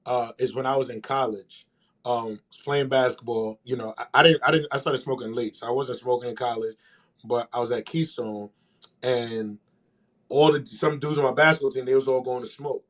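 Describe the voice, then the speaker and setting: A man co-hosts a podcast, narrating a story in easygoing conversation at a normal speed. Animated throughout, he impersonates the characters, his pitch jumping sharply on quoted lines.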